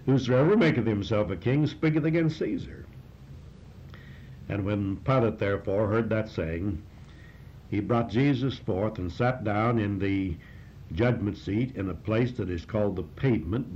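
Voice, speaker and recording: A man in the pulpit retells a scripture passage verse by verse, stopping to press a point with sudden emphasis. The recording is dull and lo-fi, with a faint hiss and a low rumble underneath. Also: normal speed, darkish tone. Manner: retells and reads scripture with comments and rising emphasis. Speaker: preacher. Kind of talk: expository sermon on a scripture passage.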